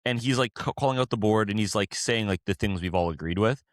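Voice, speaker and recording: Deep-voiced man rambling about football. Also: fast talker, no room sound, clean studio sound. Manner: rambling, many fillers and restarts. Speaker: podcast co-host. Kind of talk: casual football chat.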